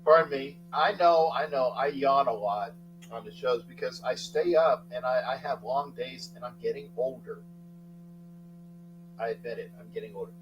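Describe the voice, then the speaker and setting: A middle-aged man hosting a casual sports talk livestream, rambling, thanking chatters by name and breaking into sudden loud outbursts. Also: medium pitch, moderate pace, lo-fi sound, slight background noise. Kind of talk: casual live chat with viewers.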